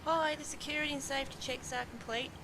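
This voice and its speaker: A woman voicing a polite female cabin crew member in a flight sim add-on, speaking briskly. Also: high-pitched, fairly even intonation, pushed and bright, a little hiss or hum.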